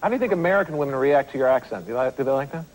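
A man's voice: mid-range voice, lively intonation, rapid-fire, low-quality recording. A man hosting a TV dating game show, teasing the contestants with jokes in front of a live studio audience. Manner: wisecracking, teasing. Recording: loud studio audience and noise.

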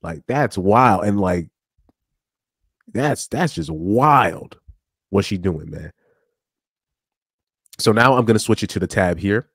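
Low-voiced man reacting to a stream. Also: takes it slowly, long pauses, slightly rough, no room sound, studio quality. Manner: animated, stammering restarts, laughs often. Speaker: reaction commentator. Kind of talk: casual reaction commentary.

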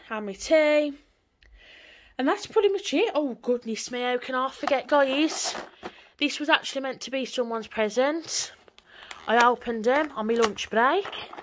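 A woman's voice: sits high, fairly bright tone. A woman, chatting casually and rambling on in a home vlog from her living room. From England. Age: 20s. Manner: chatty, rambling, swears lightly. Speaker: vlogger.

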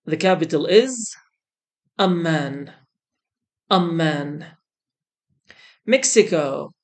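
Slow, deliberate woman teaching English. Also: lowish voice, a little mellow. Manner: says each word twice, slowly and clearly. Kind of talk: slow beginner English lesson, repeating words.

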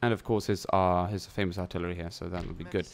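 A young man with a very low voice talks through his turns in a strategy game, chatty and loose. He thinks aloud as he plays, with the odd swear word. He speaks close to a desk mic. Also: level tone, fast, a little hiss or hum. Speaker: gameplay commentator. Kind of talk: casual let's-play commentary.

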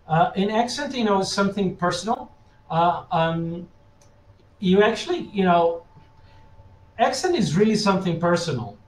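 A man's voice: high-pitched, reverberant, rough recording. A man giving a live webinar as a language teacher, who reads out viewers' questions and keeps checking in with "yeah?" tag questions. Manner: reads out chat questions and answers them directly.

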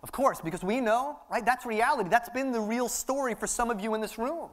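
High-voiced impassioned male preacher. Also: brisk. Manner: impassioned, repetitive preaching cadence. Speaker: pastor. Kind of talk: sermon. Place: church sanctuary.

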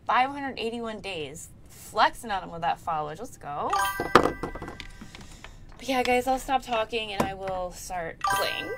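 A woman's voice: mid-range voice, sing-song, slow pace, long pauses, over loud music. A young woman streaming live, chatting casually and greeting viewers, breaking into frequent laughter. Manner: giggly, laughs often and reads chat names aloud.

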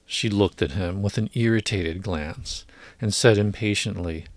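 A man narrates an audiobook in a measured, deliberate way. His voice sits on the low side, and the recording is close and dry with no reverb. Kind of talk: scripted narration.

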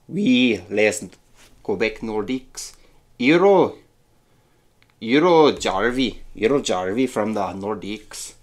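A man chatting casually as he opens and reads out old trading cards, musing aloud with small hums. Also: lowish voice. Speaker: card-opening vlogger. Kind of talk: casual unboxing chat.

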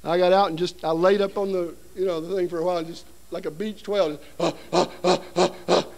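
In a seminary hall before an audience, a middle-aged man preaches at a seminar with a high voice that stays steady in tone, a quick pace, and a darkish color. He spins a humorous story, acting out voices and sounds.

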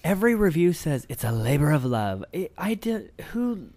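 A woman on a movie podcast panel, chatting casually with animated jokes. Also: low voice, moderate pace. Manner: animated, jokey.

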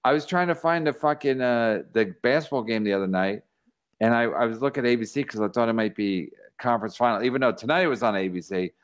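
A man's voice: mid-range voice, fast talker. A man hosting a podcast in casual chat, swearing freely and stumbling over restarts. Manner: profane, stammering restarts. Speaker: podcast host.

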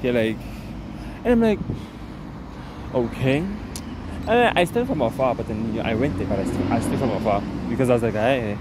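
A young man from South Africa, a student, telling a story to his vlog in a lively, animated way and acting out the other people in it. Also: medium pitch. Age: young adult. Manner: animated, acting out dialogue in quick bursts. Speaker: vlogger. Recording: outdoor street noise.

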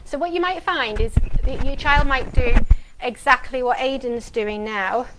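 A middle-aged woman occupational therapist giving a practical demonstration, projecting her voice clearly as she explains each step to parents in a calm, matter-of-fact way. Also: high voice, unhurried, noisy background. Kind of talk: instructional demonstration.

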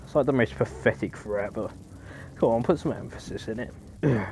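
A man's voice: medium pitch, brisk, a little hiss or hum. A man giving casual, jokey let's-play commentary on a horror game, easily startled and chatty. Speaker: gaming YouTuber.

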